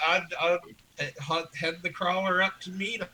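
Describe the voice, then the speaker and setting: A man taking part in a tabletop game, stumbling and restarting as he speaks. His voice is bright and sharp, sitting a little high. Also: fairly even intonation, unhurried, rough recording. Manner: hesitant, restarts mid-sentence. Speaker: player. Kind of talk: tabletop role-play.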